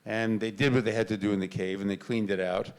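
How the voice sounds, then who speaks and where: An older man tells stories to a convention crowd, his voice sitting fairly low. He gets animated and loud when he acts out the lines he used to shout. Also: fast, clean tone. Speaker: actor on convention panel. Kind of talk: storytelling on a panel. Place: convention panel stage.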